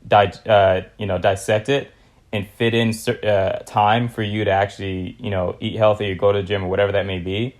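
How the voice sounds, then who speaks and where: A man's voice: on the low side, flat delivery, fairly quick. A young man from California hosting a casual podcast interview, laid-back and slangy with lots of fillers. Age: young adult. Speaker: podcast host.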